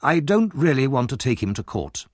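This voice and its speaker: A male audiobook narrator voicing a kindly, wealthy old gentleman who speaks gently and hesitantly. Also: mid-range voice, very animated, moderate pace, no echo, studio quality, pitched above the performer's own voice.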